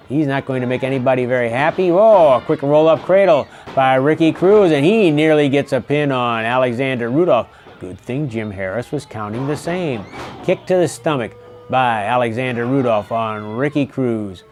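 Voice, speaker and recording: A man's voice: mid-range voice, normal speed, darkish tone. A man hosting a wrestling show and calling the match play-by-play in a folksy, chatty way, reminiscing between calls.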